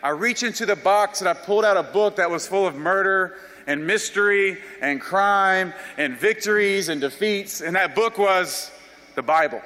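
A young man from South Carolina, telling his life story as an animated, self-deprecating testimony. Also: sits high, normal speed. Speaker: speaker giving a personal testimony. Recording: long reverb of a large hall.

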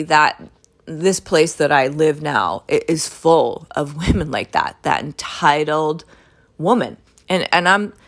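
A woman with a low-pitched voice tells a story in a casual monologue to her listeners. She sounds exasperated and animated, swearing freely and jumping up into high exclamations. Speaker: vlogger telling a story.

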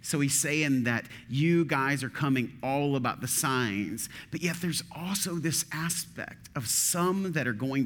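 A man's voice: medium pitch, a little slow, hardly any pauses, a bit bright, long reverb tail, slight background noise. A male teaching pastor giving a sermon in a church, reading scripture aloud and asking the room questions, with touches of dry sarcasm. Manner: conversational, asks the room questions.

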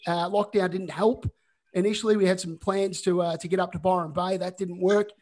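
Male host, high-pitched, chatty and filler-heavy, on a video call. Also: fairly even intonation, a little fast, a little mellow, a little hiss or hum. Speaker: podcast host. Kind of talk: casual video-call chat.

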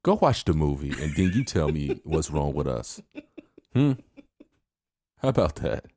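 Very deep-voiced laid-back man. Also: sing-song, a little slow, warm tone, no echo, studio quality. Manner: laid-back, teasing, fills with "uh" and "you know". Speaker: podcast co-host. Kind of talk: casual chat.

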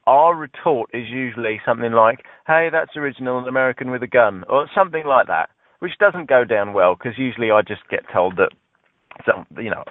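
A British man with a southern English accent and a lowish voice, recorded dry with a tinny phone-line sound. As a podcast co-host in casual chat, he tells a self-mocking story in a wry, animated manner.

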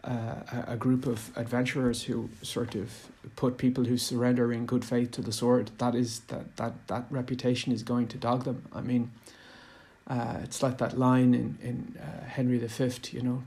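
Creaky-voiced man, rambling and hesitant. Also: medium pitch, level tone, normal speed, darkish tone. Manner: hesitant, many fillers and restarts. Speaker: tabletop game commentator. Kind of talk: rambling casual monologue.

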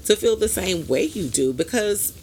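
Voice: mid-range voice, animated, normal speed, a little mellow, a little hiss or hum. A podcast host talking in a casual solo monologue, blunt and emphatic, with casual swearing and frequent asides to the listener.

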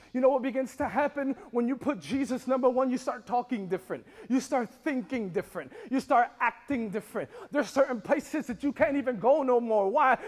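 High-voiced impassioned male preacher in a hall. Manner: impassioned preaching with rising shouts and call-and-response. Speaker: pastor. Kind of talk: sermon.

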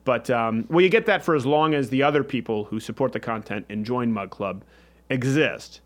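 A man's voice: medium pitch, normal speed. A man hosting a casual studio show, joking and rambling with frequent restarts. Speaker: host.

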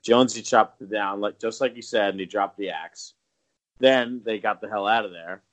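A man in his thirties, a podcast co-host telling a story casually, swearing freely and jumping up in pitch when acting out quotes. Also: moderate pace, a bit bright. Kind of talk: casual storytelling among friends.

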